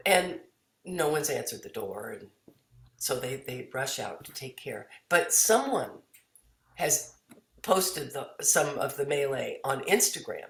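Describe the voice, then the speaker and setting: Woman, minister, low voice, storytelling, animated, echoey room. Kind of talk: parable-style spoken teaching.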